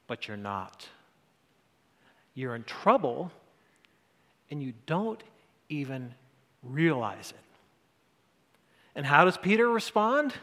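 Slow-speaking pastor in a reverberant hall. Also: male voice, fairly high pitch, big pitch swings, fairly bright tone. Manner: earnest, conversational preaching with rising emphasis. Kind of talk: sermon. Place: church sanctuary. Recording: long church hall reverb.

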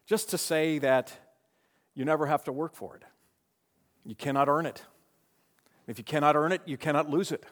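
A man's voice: a little high, normal speed, pauses often. Man preaching in a reverberant hall. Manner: dynamic preaching, swings from loud to hushed. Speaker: pastor. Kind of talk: sermon.

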